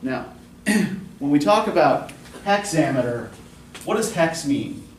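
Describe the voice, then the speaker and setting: A man's voice: fairly high pitch, very animated, slow pace. A man teaches a college poetry class from the front of a classroom. He explains patiently and keeps putting questions to his students. The recording is roomy and picked up from a distance, with a faint hiss underneath. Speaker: college English instructor.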